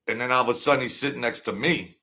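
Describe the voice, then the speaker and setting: Older male host, gravelly and forceful, blunt and wary in a casual monologue. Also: mid-range voice, fast. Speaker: channel host. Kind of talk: rambling casual storytelling.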